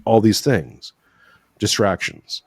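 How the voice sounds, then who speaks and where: A man's voice: fairly low pitch, expressive, slow, breathy edge, no room sound, studio quality. A man talking earnestly and in a preachy way about faith in a podcast conversation, often adding "right?" to his points. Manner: emotional at times. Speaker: podcast guest. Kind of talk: conversational religious discussion.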